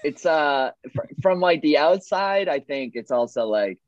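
A man's voice: a little high, expressive, a little slow, dry recording, highs cut off. A man, a comedian and host, telling stories in casual chat, rambling with many fillers.

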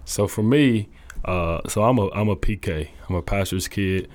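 Young man, low voice, halting earnest storytelling, dry close sound. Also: a little mellow, no echo. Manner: halting, many fillers and restarts, earnest storytelling. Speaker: college football coach. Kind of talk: casual testimony interview.

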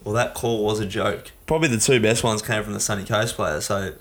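A man's voice: fairly low pitch, fairly even intonation, brisk. An Australian man co-hosting a podcast, chatting in a laid-back, joking way. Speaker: podcast co-host. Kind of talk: casual podcast chat.

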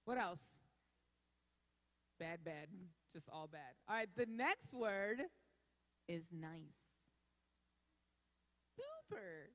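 A woman's voice: mid-range voice, big pitch swings, very slow, long pauses. A woman leading an interactive sermon, playful and drawing answers from the crowd. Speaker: speaker leading a church audience. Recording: echoey hall.

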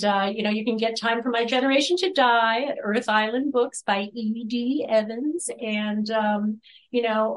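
A woman's voice: on the high side, rough recording. Chatty laughing New woman. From New York. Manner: chatty, animated, laughs often, swears casually. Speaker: guest poet. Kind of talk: casual chat over a video call. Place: at home by her computer.

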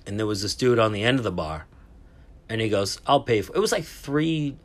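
A man in his thirties with a fairly low voice, telling a story in a loose, chatty way. He swears a lot, restarts his sentences and piles on fillers as he goes. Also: expressive, normal speed. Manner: profane, rambling, full of fillers and restarts. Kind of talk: casual anecdotal storytelling.

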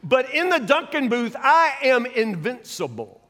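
A preacher telling a folksy story from the pulpit, his voice set high for a man. He swings from quiet asides to loud, animated bursts. The sound carries a long reverb from a large hall. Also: a little slow. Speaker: pastor. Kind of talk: sermon with storytelling.

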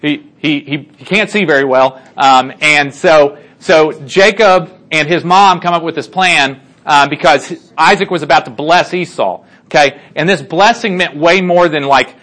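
A man's voice: on the high side, moderate pace, a bit bright. Chatty man retelling a Bible story. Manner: chatty, lots of fillers and restarts, asks listeners for agreement. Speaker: Bible teacher.

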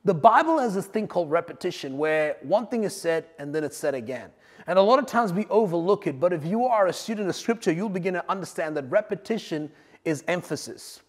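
A man delivers a sermon in a high, ringing voice, building to loud emphatic points and then dropping to quiet asides. His words trail off into the long reverb of a large hall. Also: expressive, a little fast. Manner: dynamic preaching, swings between loud emphasis and quiet asides. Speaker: pastor.

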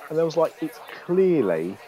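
A man's voice: a little high, big pitch swings, moderate pace, warm tone. A young man co-hosting a podcast, talking casually and rambling a little, with plenty of hesitant fillers. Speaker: podcast co-host. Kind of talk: casual chat.

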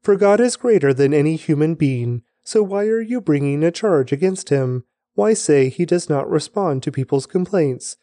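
A man reading scripture aloud in a measured, deliberate way. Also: a little high, lively intonation, mellow, no room sound. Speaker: scripture reader.

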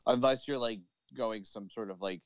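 A man's voice: on the low side, moderate pace, a little hiss or hum. A man co-hosting a casual podcast, rambling and swearing, with lots of fillers. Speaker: podcast co-host.

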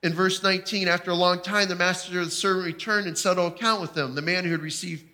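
A man's voice: sits high, steady tone, quick pace, bright, forceful tone. A man preaching a sermon, telling his own story with emphatic, heartfelt delivery. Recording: long hall reverb.

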